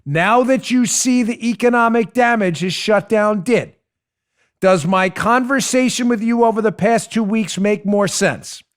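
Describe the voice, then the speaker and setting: Emphatic talk show man, higher voice. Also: a little slow. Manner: emphatic, swings between hushed and raised; addresses listeners directly. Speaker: political talk show host. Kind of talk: monologue.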